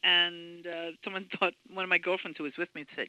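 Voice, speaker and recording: A woman in her sixties, a guest recounting stories in an interview, lively and anecdotal with frequent laughs and fillers. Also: lowish voice, a little fast, no room sound, poor audio. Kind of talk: storytelling interview.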